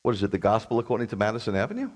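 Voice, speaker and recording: A man's voice: on the low side, big pitch swings, rapid-fire, a little mellow. A man who is a rabbi, preaching a sermon in a blunt, combative way with sarcastic asides.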